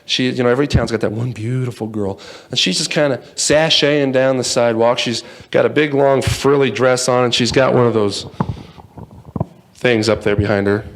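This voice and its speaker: A man's voice: medium pitch, fairly even intonation, moderate pace, slight background noise. Man, storyteller, playful, talk to an audience. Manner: playful, acts out voices, jokes with the audience. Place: in front of a live audience.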